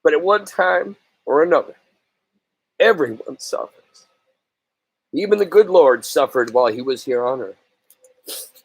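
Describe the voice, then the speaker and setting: A man voicing a gentle, comforting mother in a story reading, speaking softly and soothingly. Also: on the high side, expressive, unhurried, vocal fry, long pauses, husky, no echo, exaggerated voice, rough recording.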